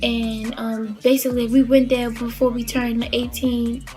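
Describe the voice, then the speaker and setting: A woman's voice: fairly high pitch, little pitch movement, normal speed, darkish tone, faint music behind. A young woman from the Baltimore area casually telling a story, chatty and rambling with lots of fillers. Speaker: vlogger.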